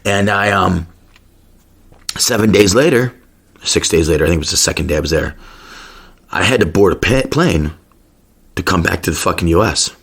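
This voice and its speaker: Brief: low-voiced male podcast host, husky tone, swears freely while spinning a rambling yarn. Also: normal speed, pauses often. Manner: profane, rambling and excitable. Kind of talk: casual storytelling rant.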